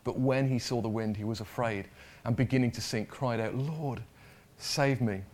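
Male preacher, mid-pitched voice, conversational sermon with repeated words and questions to the room. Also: steady tone, a little fast, a little mellow.

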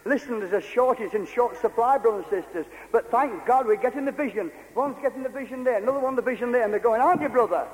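A man's voice: extremely high pitch, fast, few pauses, darkish tone. An older man preaching a fervent, repetitive revival sermon to a congregation in a meeting hall.

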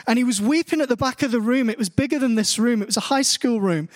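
A man with a British accent preaching a sermon in a church, reading scripture slowly and then telling stories with growing animation. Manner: slow, deliberate scripture reading; storytelling, rising in pitch as he grows animated. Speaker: pastor. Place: church hall.

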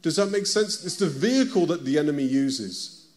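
A man's voice: fairly high pitch, animated, moderate pace, a little mellow. A man with a British accent preaching a conversational sermon, often stopping to ask his listeners direct questions. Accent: British English.

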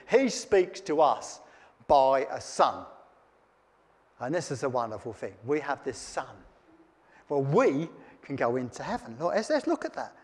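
Male preacher, slightly high voice, long hall reverb. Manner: reads scripture aloud then comments in plain chat. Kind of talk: sermon.

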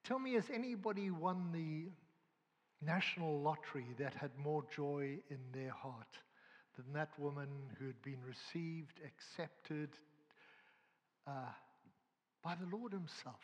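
Male preacher, fairly high husky voice, earnest, swings between forceful and hushed; long hall reverb. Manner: earnest, swings from loud emphasis to hushed tones. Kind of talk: sermon. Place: church or hall at a prayer gathering.

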